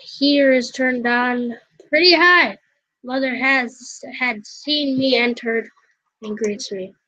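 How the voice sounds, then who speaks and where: A woman's voice: high voice, takes it slowly, pushed and bright, no echo. A woman reading a visual novel aloud with self-mocking, chatty asides. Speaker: let's player. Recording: dull, lo-fi, dry.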